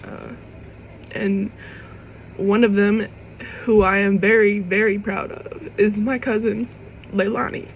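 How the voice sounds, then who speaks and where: A woman's voice: mid-range voice, flat delivery, slow, pauses often, a little hiss or hum, rough recording. A young woman vlogging to camera in an emotional personal monologue. She rambles and restarts, swears casually, and fights back tears.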